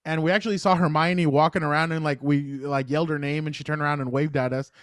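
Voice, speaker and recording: A man co-hosting a casual sports podcast, telling stories in an animated way and laughing easily, recorded on a close podcast mic. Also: a little high, no room sound. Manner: animated storyteller, quick to laugh. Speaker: podcast co-host.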